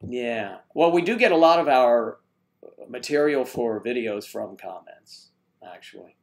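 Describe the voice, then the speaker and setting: A man hosting a casual live stream, rambling and joking as he greets viewers and reads their comments aloud. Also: mid-range voice.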